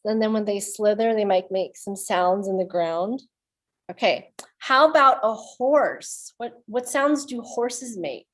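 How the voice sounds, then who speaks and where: A woman's voice: mid-range voice, a little slow. A woman leading a children's storytime, reading aloud and playfully making animal sounds with the kids. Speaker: children's librarian.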